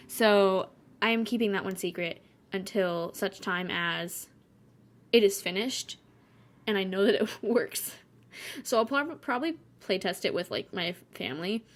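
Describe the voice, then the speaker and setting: A woman in her twenties rambling casually through a painting vlog voice-over, chatty and wry, with sarcastic asides. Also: medium pitch. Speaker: vlogger.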